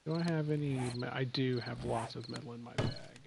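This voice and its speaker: A man's voice: mid-range voice, steady tone, fairly quick, creaky, heavy background noise. A man streaming a video game, chatting casually and rambling in a self-deprecating way to his viewers. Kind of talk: casual gameplay commentary.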